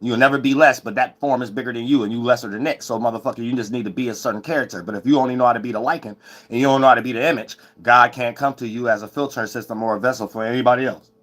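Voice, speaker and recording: A man's voice: medium pitch, steady tone, rapid-fire, fairly bright tone. Profane, scolding preacher man. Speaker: self-styled preacher. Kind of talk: late-night livestream sermon.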